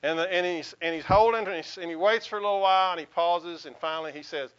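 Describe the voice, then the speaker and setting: Bright-voiced male pastor preaching earnestly. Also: sits high, fast talker, smooth, highs cut off. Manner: conversational, earnest preaching with folksy humor. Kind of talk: sermon.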